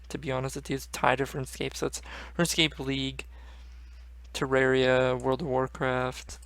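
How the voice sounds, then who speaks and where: A man's voice: medium pitch, creaky, a bit bright. A young man hosting a gaming channel, rambling casually and swearing often. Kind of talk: casual gaming vlog chat.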